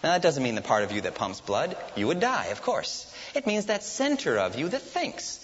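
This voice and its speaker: A man's voice: on the high side, big pitch swings, moderate pace, fairly bright tone. A man preaching a sermon to his congregation as its pastor, putting questions to the listeners and then answering them himself. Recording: lo-fi hissy recording in a reverberant hall.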